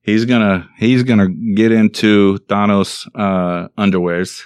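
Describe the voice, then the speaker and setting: A man hosting a relaxed group conversation, laughing often and steering the talk back to his topic. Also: lowish voice, a little slow, clear, resonant tone, no echo, clean studio sound. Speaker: podcast host. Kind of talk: casual group chat.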